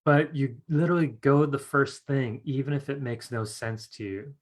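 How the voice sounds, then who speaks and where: Male host, mid-pitched, casual talker on a live class stream, keeps checking in with his viewers. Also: fairly even intonation, normal speed. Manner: chatty, keeps asking "right?" and "you guys", laughs often. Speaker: psychic development teacher hosting a live online class. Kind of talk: casual live-stream teaching with a told anecdote.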